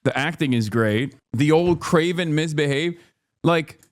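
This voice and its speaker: A man hosting a casual stream, rambling and animated, swinging from low mumbles to loud exasperated rants. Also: unhurried, no room sound, clean studio sound. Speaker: streamer host.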